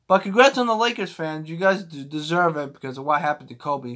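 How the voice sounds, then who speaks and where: A man's voice: on the high side, fairly quick, a bit bright. A man ranting as a sports fan vlogger, agitated and heavy on swearing, often restarting his sentences when heated. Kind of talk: casual rant to camera.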